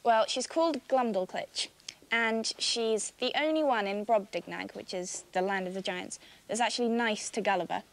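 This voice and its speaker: A woman, an actress guest, answering questions in a friendly, relaxed way with occasional giggles. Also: mid-range voice, moderate pace. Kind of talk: casual interview answers.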